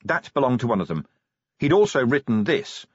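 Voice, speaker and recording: A man's voice: mid-range voice, sing-song, brisk, husky, no echo, highs cut off, voice pushed up. A man voicing a fierce young female werewolf sergeant who talks in a clipped, growling way. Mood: grim.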